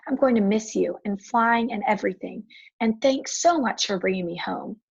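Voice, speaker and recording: A woman's voice: medium pitch, normal speed, creaky, husky, lo-fi sound. A woman playing an eager young boy. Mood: earnest. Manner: excited, earnest, often hushed.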